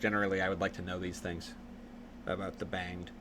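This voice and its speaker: A young man streaming live late at night, teasing his chat and jumping from low mumbles to sudden yells. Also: fairly quick, noisy background. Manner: excitable, teasing, jumps from mumbling to yelling.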